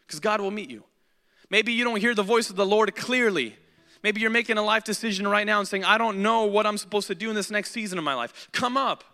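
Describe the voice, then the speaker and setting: A man's voice: high voice, vocal fry. A man preaching a sermon and giving an altar call, earnest and pleading, with repeated invitations to come up. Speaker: pastor. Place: church sanctuary. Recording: hall reverb, music playing softly behind.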